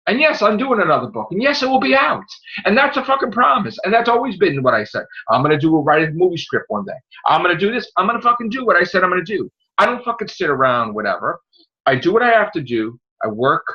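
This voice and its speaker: Speaking quickly in a high, sing-song voice, this podcast host is still recovering from being sick. His casual rant is full of profanity, combative and keeps repeating itself, all captured in muffled, lo-fi podcast sound.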